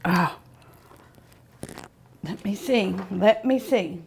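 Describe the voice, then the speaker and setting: A woman's voice: medium pitch, creaky, a little mellow, slight background noise. Leisurely woman cooking-show host, folksy and chatty, lingering over each taste with long mms. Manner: savoring, lots of drawn-out mms and ohs. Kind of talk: casual cooking show tasting. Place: outdoors at home by the pool.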